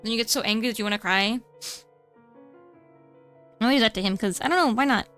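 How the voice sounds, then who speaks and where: A young woman streams while she draws and chats casually, rambling from thought to thought with lots of fillers and restarts. Her voice sits a little high, bright and very clear, with faint music playing behind her. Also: quick pace. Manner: rambling, many fillers and self-interruptions. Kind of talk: casual chat while drawing.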